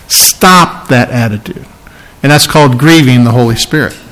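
A man's voice: medium pitch, moderate pace, fairly bright tone, a little hiss or hum, poor audio. A man preaching a sermon as pastor, earnest and teacherly, pleading with listeners and lifting his voice to stress points.

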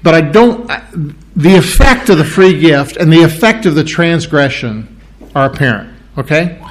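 Middle-aged male pastor, slightly higher voice, teaching sermon with restarts and throat-clearing. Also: animated, moderate pace. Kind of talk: expository sermon.

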